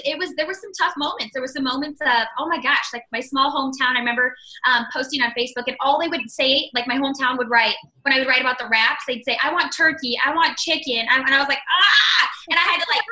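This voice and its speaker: A woman's voice: sits high, bright, forceful tone, poor audio. A woman in her thirties telling her personal success story on a call, chatty and upbeat, with many "like"s and "you guys". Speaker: guest speaker.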